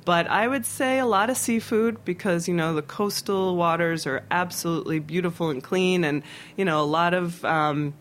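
A man's voice: sits high, normal speed, slight background noise. A middle-aged man from Philadelphia, a chef telling stories in an interview with lots of fillers and restarts. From Philadelphia, United States. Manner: rambling and animated, with many restarts and fillers. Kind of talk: casual storytelling interview.

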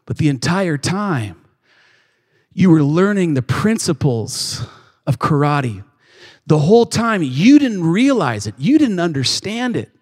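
A man voicing a wise old male karate master who speaks in a slow, earnest, lower voice. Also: big pitch swings, darkish tone. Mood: solemn. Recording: long reverb of a large hall.

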